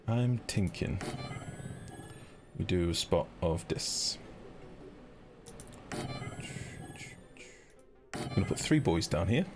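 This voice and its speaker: A young man with a deep voice commentates casually on a live game stream. He's chatty and excitable, swears freely, and talks to his chat.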